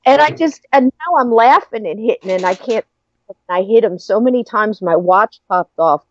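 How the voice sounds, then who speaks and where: A woman's voice: a little high, lively intonation, normal speed. A middle-aged woman in casual chat, animatedly telling a story with frequent laughter. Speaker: podcast guest. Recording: dry, muffled lo-fi audio.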